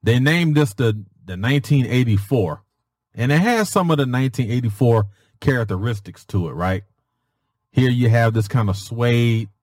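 Man, podcast host, casual animated storyteller, swooping pitch, dry close sound. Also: moderate pace, no echo. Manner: animated, swings his voice high for emphasis; peppers speech with "freaking" and "daggone".

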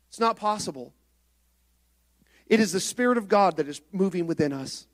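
A male pastor preaching a sermon, moving between soft, low passages and loud, rising exhortation. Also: expressive, moderate pace, long pauses.

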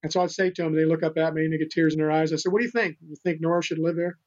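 A man's voice: fairly high pitch, little pitch movement, racing, a little mellow. An older man from the United States, a guest on a podcast, telling rescue stories in an earnest, rambling way with many restarts. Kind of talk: casual interview storytelling. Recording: dull lo-fi remote audio.

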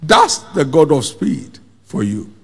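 A man preaches slowly and emphatically, his slightly raised voice swinging widely in pitch. His tone carries a gravelly rasp, and he repeats his key lines for the congregation. The sound rings with long reverb from a large hall. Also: sing-song. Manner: emphatic, repeating phrases, calls the congregation to answer. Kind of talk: sermon.

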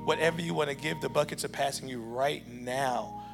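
A man preaching in a church, leading a loud, chanting prayer with call-and-response before an offering appeal. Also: medium pitch, normal speed, creaky, big-room sound. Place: church sanctuary with congregation. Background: church music playing.

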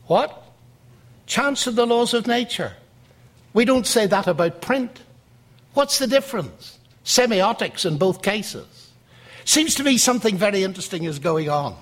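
A man giving a public lecture, telling an anecdote in a lively storytelling way. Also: high-pitched, measured pace, pauses often.

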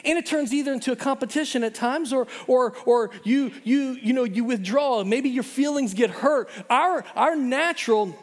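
High-voiced pastor in a reverberant hall. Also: male voice, moderate pace, hardly any pauses. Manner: animated, repeats words and restarts often. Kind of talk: sermon. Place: church hall.

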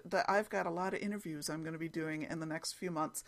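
A woman's voice: low voice, fairly even intonation, fast, few pauses. A woman hosting her own hobby podcast in a chatty, rambling way, often correcting herself as she goes, recorded at home on a computer mic. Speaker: podcast host. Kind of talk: casual chat.

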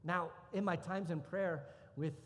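An earnest male pastor delivers a sermon built around his own testimony, his voice sitting a little high for a man. He speaks with deep emotion and swells into intense passages. The sound rings through a large church hall with a long reverb. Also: fairly even intonation, unhurried, fairly bright tone. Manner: earnest, emotional storytelling, rising to intense outbursts. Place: church sanctuary.

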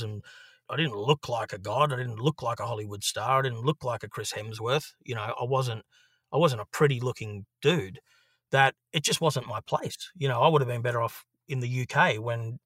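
Australian male actor, animated raconteur, bright tone, dry mic. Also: mid-range voice, dry recording. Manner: animated storyteller, swears freely. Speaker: actor, guest. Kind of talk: casual interview anecdote.

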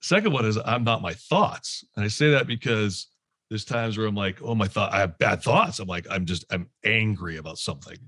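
Husky Canadian-raised man, animated talk. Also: on the low side, moderate pace, no echo. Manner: animated, laughs often, acts out his inner voice. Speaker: guest speaker. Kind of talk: candid reflective talk.

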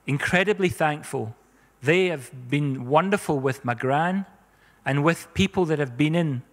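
Male pastor, slightly high voice, earnest sermon delivery, church hall reverb. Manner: earnest, emphatic, punctuated by "amen".

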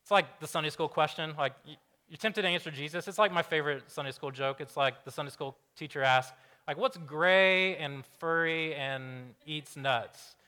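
A man preaching a conversational sermon, casual and animated, asking the congregation questions and acting out the voices he quotes. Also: a little high, quick pace. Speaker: pastor.

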